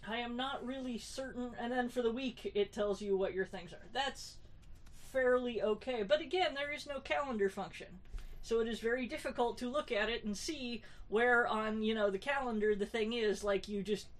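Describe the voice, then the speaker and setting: A woman's voice: fairly high pitch, normal speed. A woman co-hosting a podcast in casual chat, wry and talkative, with many fillers and restarts. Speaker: podcast co-host.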